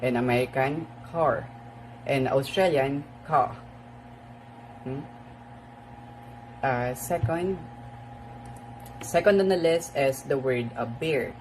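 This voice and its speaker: A student giving a class presentation, halting and full of "uh" fillers. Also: mid-range voice, a little mellow, slight background noise, low-quality recording.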